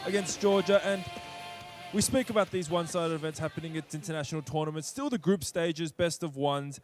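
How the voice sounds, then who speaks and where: A man's voice: fairly high pitch, a little fast. A man casting live esports, chatty and teasing, setting up context for viewers. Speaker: esports play-by-play caster. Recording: faint music behind.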